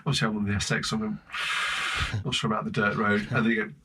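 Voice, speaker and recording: A man with an English accent, a podcast guest telling travel stories in lively casual chat, laughing often. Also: fairly low pitch, quick pace, very noisy. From Britain. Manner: animated storyteller, laughing often.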